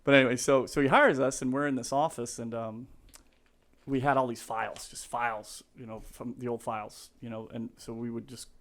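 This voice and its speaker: A man's voice: medium pitch, fairly even intonation, a little fast, a bit bright. A man in his fifties, a realtor telling stories as a podcast guest in a rambling, laughing way with many fillers and restarts. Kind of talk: casual storytelling.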